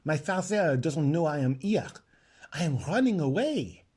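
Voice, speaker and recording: A man's voice: a little high, sing-song, measured pace, warm tone, breathy edge, voice pushed up, exaggerated voice. A man voicing a proud young noble girl on the run, speaking in a hissed, urgent whisper.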